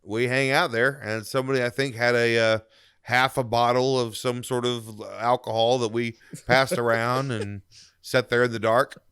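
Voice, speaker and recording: A man's voice: mid-range voice, fairly even intonation, moderate pace, fairly bright tone, clear, resonant tone, dry recording. A man podcast co-host, telling a story in easygoing casual chat. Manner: easygoing, laughs hard.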